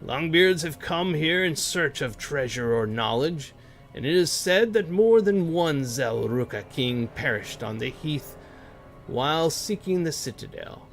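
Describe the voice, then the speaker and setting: A man reading aloud the words of a young dwarf who recounts grim mountain lore, in a plain, unhurried voice. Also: a little high, lively intonation, faint music behind, voice pushed up. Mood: solemn.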